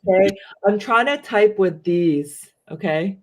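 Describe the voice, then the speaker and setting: A woman hosting a casual livestream chat, playful and quick to giggle. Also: medium pitch, lively intonation. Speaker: host.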